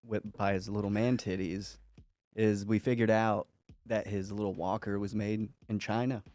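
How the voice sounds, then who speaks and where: A man's voice: lowish voice, flat delivery, normal speed, a little mellow, dry recording. A man hosting a casual podcast, telling stories with lots of swearing and laughter. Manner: profane, laughing storyteller. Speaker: podcast host; father and new stand-up comic.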